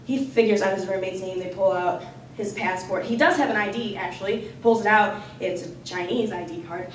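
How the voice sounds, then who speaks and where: A young woman student telling a personal story at a live storytelling event, animated and chatty, full of "like.". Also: medium pitch, fairly quick, a little hiss or hum. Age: young adult. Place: campus lounge storytelling event. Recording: echoey room, voice from far off.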